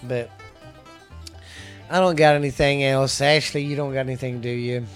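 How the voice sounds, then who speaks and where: A man's voice: mid-range voice, fairly even intonation, moderate pace. Man from Texas hosting a podcast, loose and profane, faint music behind. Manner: rambling, profane, restarts often. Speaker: podcast host. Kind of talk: casual podcast chat.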